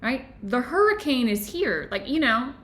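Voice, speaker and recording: A woman hosting a book club discussion, talking casually and telling stories in an animated, chatty way with lots of "like"s. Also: high voice, moderate pace. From Florida, USA. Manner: chatty, animated storytelling with many "like"s.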